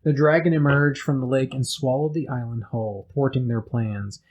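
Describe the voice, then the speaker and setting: A man's voice: medium pitch, steady tone, moderate pace, darkish tone, rough recording. Joking male podcast co-host. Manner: jokey, interrupts with wisecracks. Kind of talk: casual chat, reading news.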